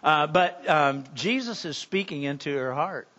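High-voiced bright male pastor preaching. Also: lively intonation, measured pace, dull audio. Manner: conversational preaching with rhetorical questions and repeated words. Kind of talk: sermon.

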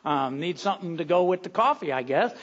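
Male pastor, high voice, earnest sermon delivery moving from hushed to loud, muffled lo-fi sound. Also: animated, fairly quick. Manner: earnest, repeats words, swings from hushed to loud. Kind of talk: sermon with storytelling and prayer.

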